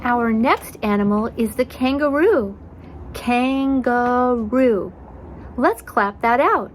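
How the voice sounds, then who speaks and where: A woman teaching young children, sounding out words slowly and spelling them letter by letter. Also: fairly high pitch, expressive, faint music behind.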